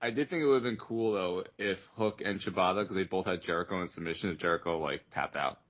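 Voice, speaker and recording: A man co-hosting a wrestling podcast, easygoing and measured. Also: deep voice, a bit bright, dull audio. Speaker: podcast co-host. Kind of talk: casual wrestling review chat.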